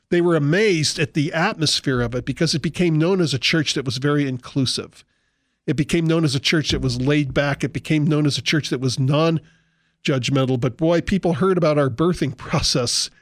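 A male pastor delivering a sermon with animated, humorous storytelling and impressions. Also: fairly high pitch, no echo, clean studio sound.

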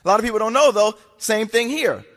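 A man's voice: high voice, animated, fast, a bit bright. Insistent man lecturing in a reverberant hall. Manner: insistent, repeats points, asks rhetorical questions. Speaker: speaker addressing an audience. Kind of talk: argumentative lecture.

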